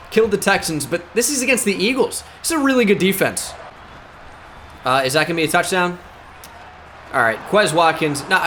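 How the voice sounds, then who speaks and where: A man giving live play-by-play commentary on his own video game, muttering to himself and shouting on big plays. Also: a little high, a little hiss or hum. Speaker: gaming YouTuber.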